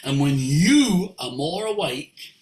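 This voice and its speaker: A man, a voice coach, telling a story to an audience in an animated way and acting out the voices. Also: on the high side, slow, echoey room, low-quality recording. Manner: animated, acts out voices in quotes. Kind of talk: storytelling talk.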